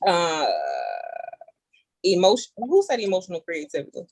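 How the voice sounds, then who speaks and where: A woman hosting a casual talk show, animated and playful, reading definitions aloud and teasing her guests. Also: fairly low pitch, normal speed, no room sound. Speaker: show host. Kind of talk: casual chat.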